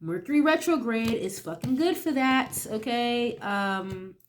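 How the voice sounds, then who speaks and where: Sniffling through the tail end of a cold, this young female tarot reader chats her way through a casual reading, swearing offhandedly and repeatedly asking "okay?" Her voice sits a little high and is animated, with a measured pace and a slight hiss or hum.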